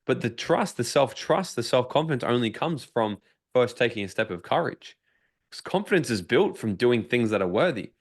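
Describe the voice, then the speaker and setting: A man's voice: medium pitch, animated, normal speed. Man, podcast guest, casual storytelling, profane, emphatic, motivational, mid-range voice. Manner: acts out his own inner dialogue in quoted asides.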